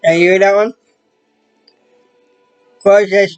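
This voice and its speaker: A man chatting casually to the camera as a vlogger, rambling in halting, loosely strung phrases. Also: on the high side, steady tone, faint music behind, poor audio.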